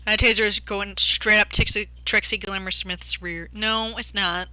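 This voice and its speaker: A young woman reads a game's story aloud on stream, slipping into jokey asides. Her voice is very bright and sharp. The sound is dry and close. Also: mid-range voice, fairly even intonation, moderate pace, no room sound. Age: young adult. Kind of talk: reading a game aloud while chatting.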